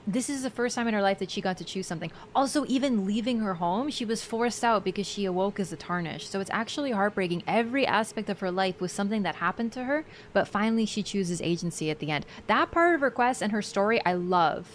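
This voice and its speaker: A woman's voice: mid-range voice, lively intonation, fast talker, hardly any pauses, slight background noise. A woman streaming a game, chatting casually with her viewers and laughing often. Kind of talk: casual live-stream chat.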